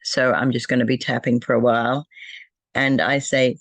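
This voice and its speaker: An older woman, an energy healer, gently talking through a self-healing demonstration and softly repeating affirmations and thank-yous. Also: rumbling low, flat delivery, normal speed, no echo.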